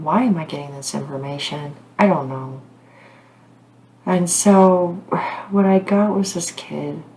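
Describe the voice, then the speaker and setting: A woman's voice: deep voice, vocal fry, a little mellow, a little hiss or hum. A middle-aged woman talking casually to camera as a psychic host, rambling and earnest with frequent fillers and apologies. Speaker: psychic medium channel host.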